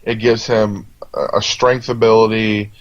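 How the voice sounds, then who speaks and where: A man's voice: fairly low pitch, flat delivery, a little slow, no room sound. A man co-hosting a casual movie review chat, rambling along with lots of fillers and restarts. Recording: dull, lo-fi sound.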